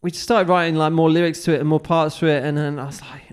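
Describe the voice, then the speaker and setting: A man's voice: on the high side, level tone, fast talker, clear, resonant tone. A middle-aged male musician chatting as a podcast guest, telling stories with many restarts. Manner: rambling storyteller with many restarts. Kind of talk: casual conversational interview.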